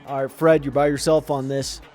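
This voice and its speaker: Young guy yelling at his football game players, slangy and hyped, middle-pitched voice, faint music behind. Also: fairly quick. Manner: excitable, talks to players on screen, slangy. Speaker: gaming commentator. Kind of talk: casual gameplay commentary.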